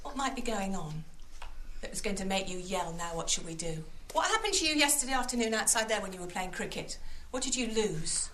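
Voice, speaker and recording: A middle-aged woman teacher with a voice of ordinary middle pitch for a woman. She speaks in an articulate, patient and encouraging way. A faint noise sits under her speech. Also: expressive, a little fast, fairly bright tone. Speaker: primary school teacher. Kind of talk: explaining her teaching and leading a class.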